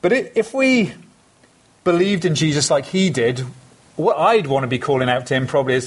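Male preacher, slightly raised pitch, husky tone, earnest and conversational with emphatic asides. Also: expressive, moderate pace. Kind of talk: sermon.

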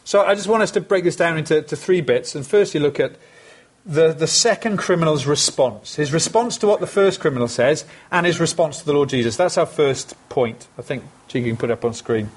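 A man's voice: a little high, animated, fairly quick, husky. A man preaching a sermon, earnest and emphatic, repeating phrases for stress.

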